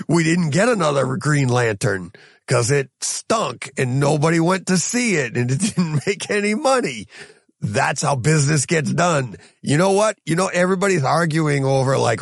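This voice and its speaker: A man hosting a solo podcast, ranting in an exasperated, animated way with lots of rhetorical questions. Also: a little high, gravelly, husky, no room sound, studio quality. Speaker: podcast host.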